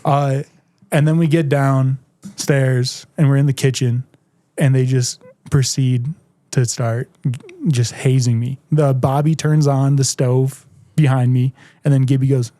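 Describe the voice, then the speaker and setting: Animated young man with a mellow, dry voice. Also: medium pitch, a little slow, dry recording. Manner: animated storyteller, heavy "like" filler. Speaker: podcast guest. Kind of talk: casual chat.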